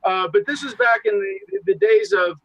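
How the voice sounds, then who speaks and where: A man in casual podcast conversation, talking in animated, profane, rambling asides. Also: very high-pitched, normal speed, vocal fry, slight background noise, poor audio. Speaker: podcast guest, show host.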